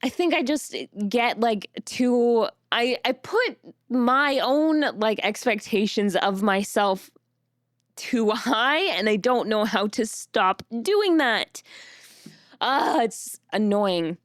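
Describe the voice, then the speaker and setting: Soft-spoken, slow-talking streamer woman. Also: fairly high pitch, lively intonation, no room sound, studio quality. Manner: soft, rambling, self-doubting, with nervous laughs. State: tearful. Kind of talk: casual stream chat.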